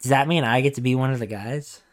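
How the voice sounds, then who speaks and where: Excitable young man, casual podcast chat. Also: fast. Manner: excitable, swearing, acts out cartoon lines in high voices. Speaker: podcast co-host.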